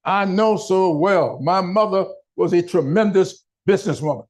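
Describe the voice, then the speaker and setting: An older man giving a town hall speech in slow, deliberate oratory with emphatic pauses. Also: high voice, darkish tone. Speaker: political speaker.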